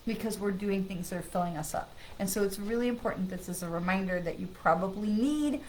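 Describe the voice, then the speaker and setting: In a low-quality recording, a woman speaks fairly quickly at medium pitch while giving a live-stream psychic card reading. She keeps the chat casual and reassuring with frequent "okay?" and "right?" check-ins, and loud, excited laughter breaks out when she greets friends.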